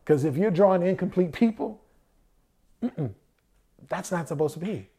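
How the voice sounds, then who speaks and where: A man delivers a conversational sermon in a fairly high yet warm, mellow voice. He keeps asking his listeners rhetorical questions and then answers them himself. Now and then he slips into the voices of the people he quotes. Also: lively intonation, moderate pace, slightly rough.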